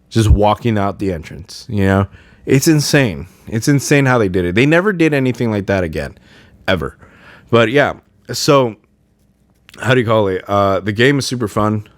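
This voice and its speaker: A podcast host, a man with a fairly low voice, rambles through a casual chat with many fillers and restarts. There's no room sound.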